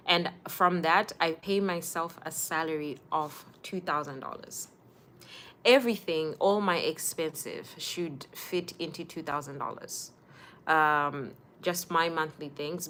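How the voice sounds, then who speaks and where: A young woman, hosting a casual livestream and chatting warmly with viewers by name. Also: low-pitched, slight background noise. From Zimbabwe. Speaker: livestream host.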